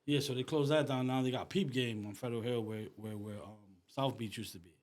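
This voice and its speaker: A man's voice: medium pitch, a little fast. A middle-aged man from Rhode Island, an artist, telling stories in casual street slang and saying "bro" a lot. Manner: animated storyteller, street slang, says "bro" often. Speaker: artist, guest. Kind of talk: casual conversation.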